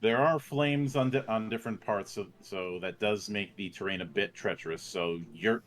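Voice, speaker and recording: A man's voice: fairly low pitch, normal speed. A man running a tabletop role-playing game as game master, laconic and brief, asking players for rolls.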